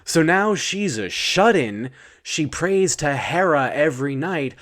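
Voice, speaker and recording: A man telling an improvised comic bedtime story, rambling, breaking off and adding deadpan asides. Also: fairly high pitch, slow.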